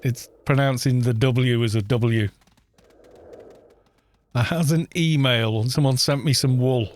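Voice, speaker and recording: He's a gaming streamer with a Welsh accent, talking at a measured pace in a medium-pitched voice. The live-stream chat is casual and rambling, peppered with jokes on the side.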